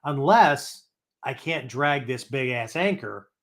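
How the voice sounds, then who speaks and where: A man's voice: mid-range voice, expressive, slow, a bit bright. An older man hosting a philosophy show, explaining step by step in a chatty teaching talk and ending many phrases with "right?" and "okay?". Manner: explains step by step, with frequent restarts. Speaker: podcast host teaching philosophy.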